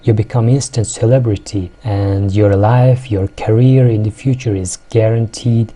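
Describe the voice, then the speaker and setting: A man with a Mongolian accent, a native Mongolian speaker, earnestly explaining what an event means to his country, with frequent pauses and fillers. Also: fairly low pitch, fairly even intonation, mellow. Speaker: show host explaining culture. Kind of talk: explanatory commentary.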